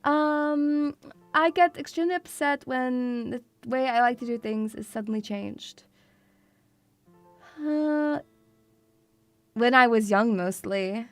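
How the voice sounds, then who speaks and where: A woman's voice: a little high, slow pace, long pauses, no echo, soft background music. A young woman, streaming in casual chat, swearing freely and calling her viewers sweetie. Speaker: VTuber streamer.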